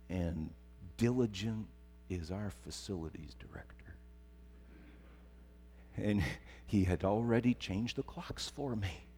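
A man's voice: mid-range voice, darkish tone. A middle-aged man preaching a sermon, telling stories and building to emphatic repetition. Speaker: pastor. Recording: long hall reverb.

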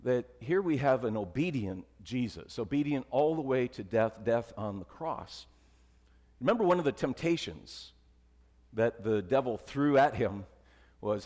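A man's voice: animated, normal speed. Man preaching in a reverberant church. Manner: conversational preaching, dropping to soft emphatic lows. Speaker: pastor. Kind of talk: sermon.

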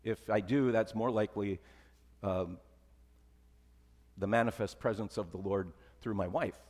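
Man preaching in a reverberant church. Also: measured pace. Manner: conversational preaching, dropping to soft emphatic lows. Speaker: pastor. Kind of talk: sermon.

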